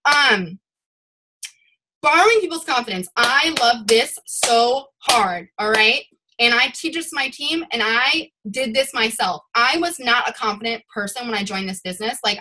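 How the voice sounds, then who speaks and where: A young woman leading her sales team over a video call, giving a rambling, animated motivational talk. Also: fairly high pitch. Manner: rambling and animated, admits to ranting.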